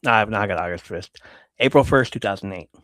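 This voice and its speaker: A man's voice: fairly low pitch, fast talker, fairly bright tone, no echo. A man hosting a live podcast, casually reading viewer messages aloud and laughing often. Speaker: podcast host reading chat. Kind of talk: casual live-stream chat.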